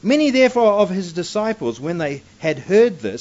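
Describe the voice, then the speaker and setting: A man giving verse-by-verse Bible teaching in a fairly high, very lively voice. He reads scripture aloud and then presses his points home with emphatic asides. The recording is dull and lo-fi. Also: moderate pace, hardly any pauses.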